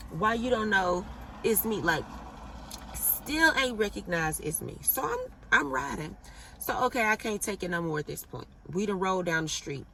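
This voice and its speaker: A young woman vlogger telling a storytime in a casual, animated and profane way. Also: mid-range voice, distant mic, slight background noise. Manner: animated, blunt and profane, laughs at her own story.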